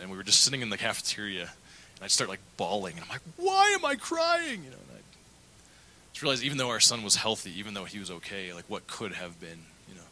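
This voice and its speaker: A man's voice: low voice, sharp tone, slight background noise, poor audio. A middle-aged male pastor preaching a sermon, telling a candid personal story and acting out the quotes. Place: church.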